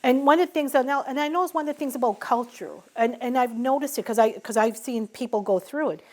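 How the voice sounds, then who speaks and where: A middle-aged woman tells stories in a relaxed interview. Her voice sits a little high, and she brings in quoted dialogue with animation. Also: fast talker. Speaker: interviewee, small business owner. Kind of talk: conversational storytelling interview.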